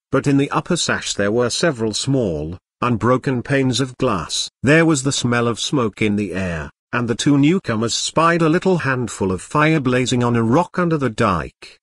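A synthetic male voice narrates a novel with husky grain and a lively, rising and falling pitch. The delivery is even and unhurried, and the sound is dry and close, with no room around it. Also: no room sound. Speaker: audiobook narrator.

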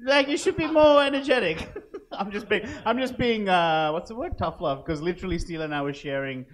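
A man's voice: high voice, brisk. A man hosting a live comedy podcast, teasing his guests with mock tough love. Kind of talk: late-night comedy podcast banter.

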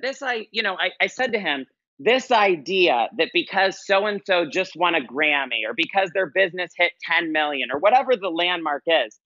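A man's voice: fairly high pitch, bright, forceful tone, no room sound, lo-fi sound. A man speaking as a life coach guest on a podcast, telling stories in an earnest, emphatic way and repeating his key phrases. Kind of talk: conversational interview storytelling.

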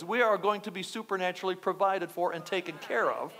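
A male pastor delivering an animated sermon in church, repeating phrases and checking in with the congregation. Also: sits high, a little fast. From United States. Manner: animated, repetitive preaching with asides to the congregation.

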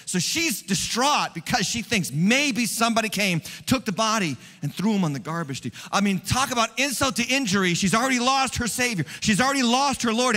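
A pastor preaches with a high, bright voice that carries through a long-echoing church hall. He is animated, sinking to quiet, tender lines and then climbing loud and quick. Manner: animated, swings from hushed to loud and fast. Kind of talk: Easter sermon.

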